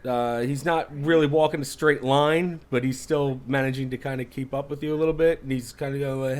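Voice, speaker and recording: A man's voice: mid-range voice, steady tone, a little mellow. A man running a tabletop horror game as game master, narrating casually with lots of fillers. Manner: casual, halting, with many fillers.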